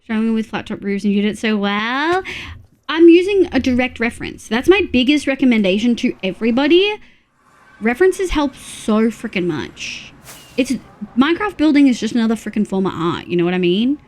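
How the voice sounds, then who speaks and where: A young woman chats on a live stream. Her voice sits a little high. She talks loosely and reads out chat messages as she goes. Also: very animated, fairly quick, a little mellow. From Australia. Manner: chatty, reads chat aloud, frequent laughs.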